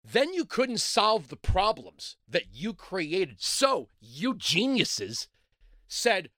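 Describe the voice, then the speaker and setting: A man hosting a talk radio show, delivering a sarcastic, mocking monologue that swings between loud outbursts and low mutters. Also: huge pitch swings, slow, no room sound, studio quality.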